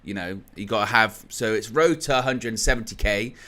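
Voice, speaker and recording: A man's voice: fairly low pitch, moderate pace, bright, forceful tone. A man from England hosting a live-stream football fan show, chatty and rambling as he reads out viewer comments. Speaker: fan channel host.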